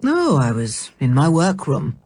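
A woman reading a storybook, voicing an absent-minded, irritable middle-aged male scientist who is vague and quick to anger. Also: on the high side, wildly swooping pitch, darkish tone, breathy edge, pitched below the performer's own voice, exaggerated voice. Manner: vague, then sharply cross.

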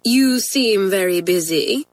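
A woman's voice: a little high, big pitch swings, normal speed, no echo, voice pushed up. A woman reading aloud and voicing a stern, dry-witted schoolteacher who speaks sharply.

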